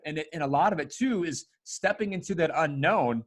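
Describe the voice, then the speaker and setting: Brief: upbeat, slangy male podcast host with a slightly high voice. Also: fairly quick. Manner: animated, casual, slangy. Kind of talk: casual podcast chat.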